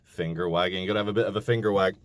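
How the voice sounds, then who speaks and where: A man in his thirties talking to camera in a casual, animated rant, swearing and mocking other people. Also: sits low, very fast, dry recording. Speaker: vlogger.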